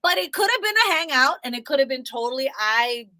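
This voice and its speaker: A woman's voice: high-pitched, fast talker, dry recording, rough recording. A woman in her thirties co-hosting a casual chat, telling a story and acting out the people in it. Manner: animated, acts out quotes in other voices. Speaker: co-host.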